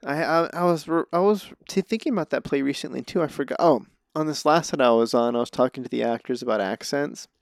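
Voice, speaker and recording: Guy with a gravelly voice rambling through old stories, laughing at himself, dry sound. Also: medium pitch, fast, few pauses, dry recording. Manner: rambling storyteller, self-deprecating, laughs often. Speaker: guest, actor and comedian. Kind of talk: casual interview chat.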